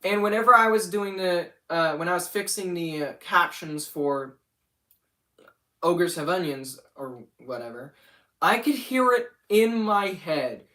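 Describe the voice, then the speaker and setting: A man's voice: high voice, a little slow, bright, forceful tone, far from the mic. A young man rambling casually about his animation channel on a livestream, often getting sidetracked. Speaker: channel owner.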